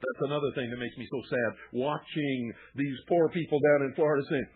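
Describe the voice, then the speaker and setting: A man's voice: medium pitch, steady tone, brisk, few pauses, breathy edge. A man hosting a talk radio show with an indignant, emphatic ranting monologue. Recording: phone-band lo-fi radio broadcast.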